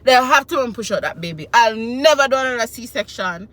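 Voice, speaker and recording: A woman, telling a personal story in a casual, animated and emotional way. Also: a little high, brisk. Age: 20s. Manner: animated, emotional retelling with quoted voices. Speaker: vlogger.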